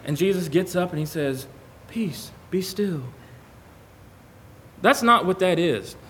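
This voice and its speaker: Man preaching in a slightly high voice. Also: animated, normal speed, fairly bright tone. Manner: conversational, reads scripture aloud. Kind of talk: sermon to a congregation. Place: church.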